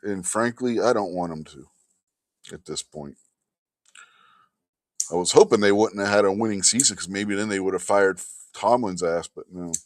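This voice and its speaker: A man's voice: sits low, moderate pace, long pauses, no room sound, clean studio sound. A man hosting a casual livestream chat, tired and yawning, talking in a blunt, grumbling way that slips into swearing. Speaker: host.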